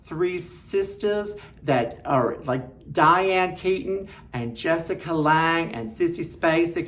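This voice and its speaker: A woman's voice: sits low, a little hiss or hum. A woman hosting a show of film recommendations, chatty and enthusiastic, with jokey asides. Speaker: film reviewer host.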